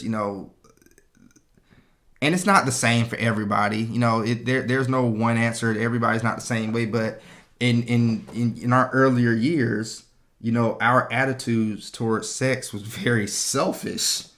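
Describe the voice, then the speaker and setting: Animated man telling a married-life story. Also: medium pitch. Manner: animated storyteller, acts out quotes. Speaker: podcast co-host. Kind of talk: casual chat.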